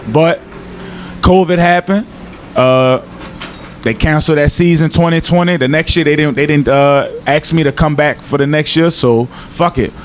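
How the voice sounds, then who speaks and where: A young man with a New Orleans accent, chatting casually as an interview guest, laid-back and slangy, sometimes dropping to a low earnest tone. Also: normal speed, a little hiss or hum. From New Orleans, Louisiana. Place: outdoors in Miami.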